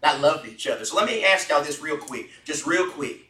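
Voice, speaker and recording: A man's voice: a little high, animated, fairly quick, sharp tone. A man leading a Bible study, earnestly asking the group questions. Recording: echoey room from far off.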